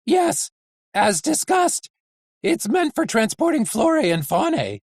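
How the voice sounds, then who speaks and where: A reader voicing a fussy, high-strung male android official who talks high, loud and hurried. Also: very animated, breathy edge, no echo, clean studio sound, heavily acted. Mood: anxious, brisk.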